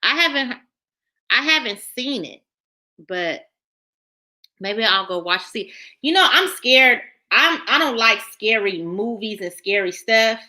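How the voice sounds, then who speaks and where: A woman, hosting a casual livestream, reading viewers' comments aloud and chatting in a lively way, repeating herself often. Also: on the high side, slow. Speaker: channel host reading live chat.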